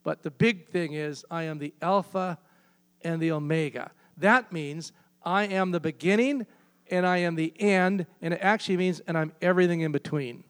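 Man preaching a sermon, high voice, long hall reverb; emphatic, hammers key phrases. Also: normal speed, clear, resonant tone.

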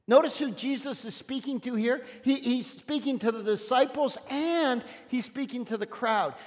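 High-voiced preacher in a big reverberant hall. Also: male voice, normal speed, hardly any pauses. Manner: emphatic and conversational, with punchy asides. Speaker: pastor. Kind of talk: sermon.

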